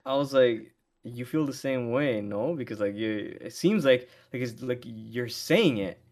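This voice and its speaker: A man's voice: medium pitch, measured pace, a little mellow. Young man, podcast co-host, blunt, joking, swears, casual chat.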